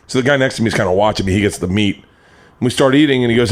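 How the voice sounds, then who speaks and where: A man's voice: fairly low pitch, racing. A man comedian telling stories in casual chat, swearing and laughing often.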